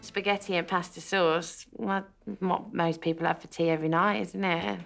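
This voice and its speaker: A woman's voice: fairly low pitch, fairly even intonation, moderate pace, gravelly, a bit bright, faint music behind. A woman, a dinner-party contestant, sounding dismissive and unimpressed.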